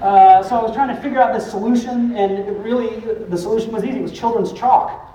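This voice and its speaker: A man giving a casual conference presentation, loose and profane, with many filler pauses, heard from a distant mic in a roomy hall. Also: sits high, crowd noise.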